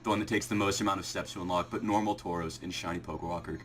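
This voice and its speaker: A young man recording a vlog, swinging from ecstatic shouting and laughter to quick, low explanations, shaky and breathless with excitement. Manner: quiet muttered counting. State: shaking with excitement, heart racing. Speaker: shiny hunting video creator. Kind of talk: excited live reaction vlog.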